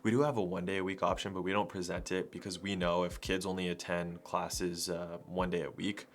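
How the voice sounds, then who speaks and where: A man's voice: sits low, level tone, brisk. A man coaching sales in a loose, conversational way, full of "like" and "you know". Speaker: sales coach for martial arts school owners. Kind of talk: casual sales coaching talk.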